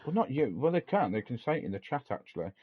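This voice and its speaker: A man's voice: medium pitch, sing-song, quick pace. A man co-hosting a casual podcast, chatty and rambling, laughing often. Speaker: podcast co-host. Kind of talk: casual chat. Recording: dull lo-fi sound.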